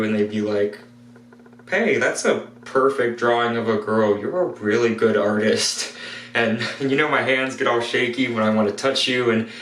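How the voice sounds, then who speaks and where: A man's voice: on the low side, a bit bright, distant mic, slight background noise. Guy doing a flustered young man in love, stumbling over words, roomy sound. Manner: halting, breathless rambling. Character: shy lovestruck young man confessing feelings. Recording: roomy, from the mic.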